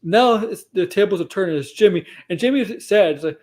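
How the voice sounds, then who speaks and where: A man's voice: high voice, lively intonation, a little fast, darkish tone. A man casually recapping a wrestling show for his stream, rambling and often correcting himself mid-sentence. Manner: rambling, self-correcting, acts out quotes.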